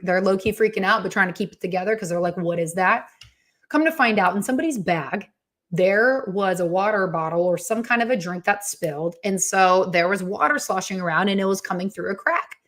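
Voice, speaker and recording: A woman giving a casual motivational talk, telling a personal story with lively quoted asides. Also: medium pitch. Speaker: motivational speaker.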